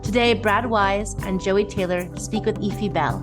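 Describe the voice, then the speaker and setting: A woman's voice: mid-range voice, fairly even intonation, moderate pace, over music. A woman host reading scripted narration for a podcast.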